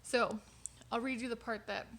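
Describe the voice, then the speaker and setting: Young woman, fairly high voice, casual personal testimony, candid, conversational, lots of fillers. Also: steady tone, normal speed, fairly bright tone. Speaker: vlogger sharing a personal faith story.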